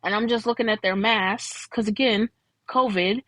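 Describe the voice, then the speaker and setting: A woman's voice: normal speed, fairly bright tone, no echo, poor audio. A woman hosting her own show, chatting casually and candidly about a film she watched. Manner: chatty and candid, with frequent laughs and jumps to high pitch. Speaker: host reviewing a film. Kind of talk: casual chat.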